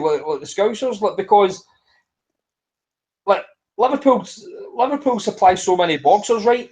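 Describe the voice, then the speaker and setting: A man's voice: sits high, a little mellow, low-quality recording. A man co-hosting a podcast, ranting bluntly in casual talk with heavy swearing. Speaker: podcast co-host.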